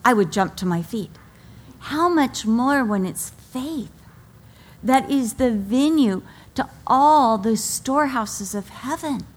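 A woman's voice: on the high side, slow pace, breathy edge. A middle-aged woman, a pastor's wife, preaching a sermon and telling stories with acted-out quotes. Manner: animated storytelling, acts out quoted voices. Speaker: pastor's wife and daughter, speaker. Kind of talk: sermon to a women's audience.

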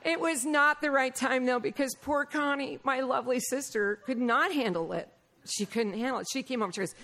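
A woman preaching a Bible lesson, mixing lively personal stories with scripture, and often laughing and acting out the voices of people in her stories. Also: sits high, fairly quick, slight background noise. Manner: animated, laughing, acts out quoted voices. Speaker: Bible teacher. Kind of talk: sermon with personal storytelling.

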